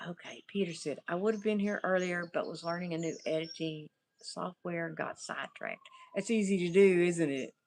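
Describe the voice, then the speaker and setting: A woman's voice: lowish voice, normal speed, darkish tone. A middle-aged woman with a Southern accent, hosting a casual livestream outdoors and rambling through viewer comments. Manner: rambling, riffs without a topic, reads viewer comments. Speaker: livestream host and therapist. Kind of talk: casual livestream chat, reading comments aloud.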